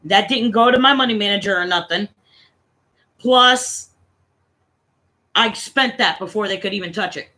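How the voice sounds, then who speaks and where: A woman's voice: medium pitch, moderate pace, pauses often, pushed and bright. A woman from Connecticut venting in a casual, rambling, profane chat on her own stream. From Connecticut, USA. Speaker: livestream host.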